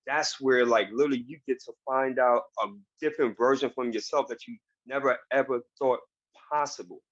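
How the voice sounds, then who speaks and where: A man's voice: mid-range voice, steady tone, a little fast, a bit bright, no room sound. A man speaking earnestly and emphatically as a guest in a motivational interview, recorded over a video call. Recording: dull, dry video call audio.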